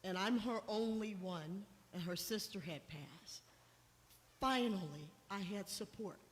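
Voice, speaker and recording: A woman's voice: medium pitch, measured pace. A middle-aged woman sharing a personal testimony with a church congregation, telling an emotional story with rising intensity when she quotes herself. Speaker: guest speaker sharing testimony. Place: church hall. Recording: long hall reverb.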